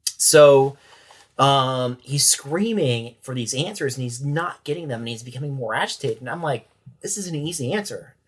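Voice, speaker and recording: A man's voice: mid-range voice, moderate pace. A man, a sheriff's corporal, recounting a story as a podcast guest in a detailed, matter-of-fact way. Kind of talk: interview storytelling.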